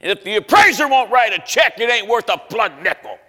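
A rough, blunt old rigger barks his opinions at the top of his lungs, as a man preaching acts him out. The voice jumps well above the speaker's usual pitch and turns loud and gruff. A long hall reverb trails each shout. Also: big pitch swings, brisk, exaggerated voice. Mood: bellowing. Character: rough, blunt older male rigger who yells.

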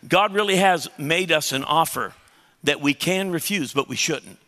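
A man's voice: fairly high pitch, animated, normal speed, sharp tone, big-room sound. A man pastor preaching a sermon, emphatic and conversational, putting questions to the congregation.

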